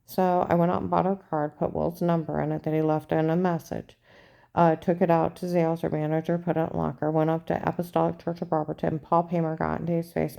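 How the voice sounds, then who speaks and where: A woman with a deep, fry-edged voice talks straight to the camera in a long, rambling monologue. She sounds aggrieved and agitated, circling back over the same points. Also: flat delivery, fairly quick, mellow. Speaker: vlogger recounting a personal ordeal. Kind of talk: rambling first-person monologue.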